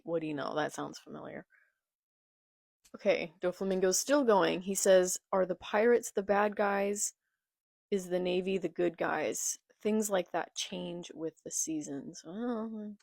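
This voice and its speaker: Slow, gravelly-voiced woman reading manga aloud. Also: fairly low pitch, darkish tone, dry recording, studio quality. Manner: reads manga dialogue aloud, then comments. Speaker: manga reaction vlogger. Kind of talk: casual live reading reaction. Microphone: phone filmed in portrait.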